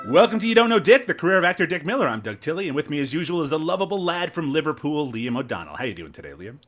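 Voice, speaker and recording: A man's voice: a little high, sing-song, rapid-fire, fairly bright tone, faint music behind. A man from Newfoundland hosting a podcast, teasing his co-host and laughing often in casual chat. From Newfoundland, Canada.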